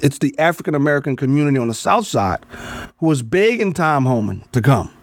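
A man's voice: mid-range voice, big pitch swings, fairly quick, dry recording. A middle-aged man from Louisiana, a pastor, talking casually in an interview, easygoing and often restarting his sentences. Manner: easygoing, frequent restarts and affirmations.

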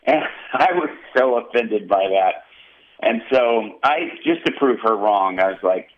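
A male pastor telling a personal testimony in an interview, animated and vivid. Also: fairly low pitch, measured pace, highs cut off. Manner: animated storyteller, acting out quotes.

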